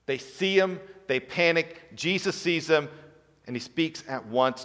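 A male pastor giving a conversational sermon, with playful asides and dips to a hushed voice. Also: a little high, expressive, measured pace. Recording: long hall reverb.

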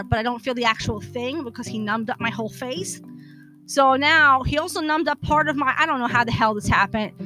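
A woman's voice: high voice, sharp tone, rough recording. A woman hosting a podcast, telling a long personal story in a blunt, exasperated way and swearing freely. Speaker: podcast host. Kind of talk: casual profane storytelling monologue.

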